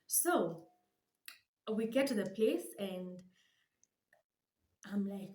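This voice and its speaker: A young Kenyan woman telling a dramatic, animated storytime for her vlog, switching languages with laughing asides. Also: high voice, measured pace, pauses often, roomy sound. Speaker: vlogger.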